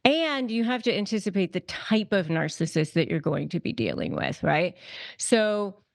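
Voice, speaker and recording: A woman's voice: medium pitch, very animated, moderate pace, vocal fry, dry recording. Emphatic woman guest with a dry sound. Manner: emphatic, repeats key phrases, many restarts. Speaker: guest, attorney and negotiation expert. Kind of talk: podcast interview, advice.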